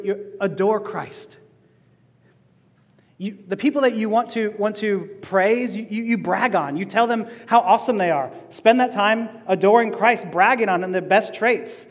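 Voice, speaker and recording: Earnest high-voiced male pastor in a reverberant hall. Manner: earnest, rises to passionate emphasis. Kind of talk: sermon.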